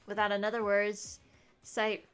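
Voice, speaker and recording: A woman voicing a brash, mocking male creature headmaster with a put-on Cajun accent, talking loud and theatrical. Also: mid-range voice, completely flat delivery, a little slow, smooth, soft background music, close to an everyday voice. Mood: taunting.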